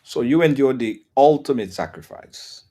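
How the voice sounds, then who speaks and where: A man hosting an interview, affirming his guest and at times dropping to a soft near-whisper. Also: mid-range voice, animated, moderate pace. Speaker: interview host. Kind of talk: supportive interview talk.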